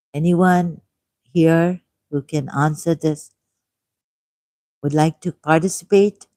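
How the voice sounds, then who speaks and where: A man with a Pakistani accent hosting a livestream, reading a text aloud at a deliberate pace with musing asides and repeated key words. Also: fairly high pitch, darkish tone, no echo. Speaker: livestream host.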